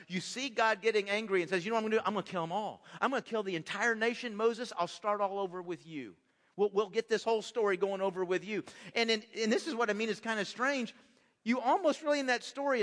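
A man preaching in a church, his voice pitched high and bright. He talks in an animated way, often stumbling and repeating words as he starts a sentence. Long reverb hangs behind him, as from a large hall. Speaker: pastor. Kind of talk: sermon. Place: church sanctuary.

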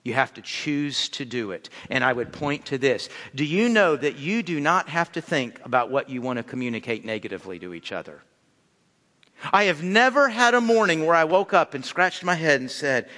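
Bright-voiced man preaching in a reverberant hall. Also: a little high, moderate pace. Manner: animated, conversational preaching with acted-out asides. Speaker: pastor. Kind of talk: sermon on marriage.

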